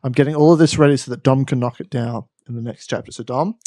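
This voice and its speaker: A man's voice: medium pitch, fairly even intonation, quick pace, mellow, no echo, studio quality. An Australian man co-hosting a comedy podcast, telling a story in a rambling, playful way and correcting himself as he goes. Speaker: podcast co-host.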